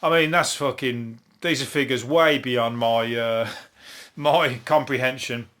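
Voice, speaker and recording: A man's voice: mid-range voice, measured pace, fairly bright tone. A man with a Birmingham accent hosting a comedy podcast, rambling through news stories, swearing freely and laughing at his own jokes. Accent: Birmingham (Brummie). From Birmingham, England. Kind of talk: solo comedic news review.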